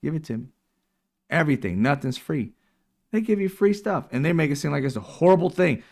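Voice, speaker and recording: A political commentary show host with a fairly high, sing-song voice that is gravelly yet a little mellow talks briskly. On his casual livestream he speaks emphatically, mocking his opponents through put-on quotes.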